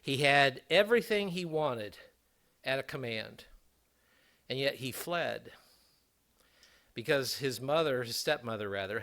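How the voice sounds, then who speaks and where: A man's voice: mid-range voice, fairly bright tone. A middle-aged man preaching a sermon, reading scripture aloud and adding conversational asides. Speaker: pastor.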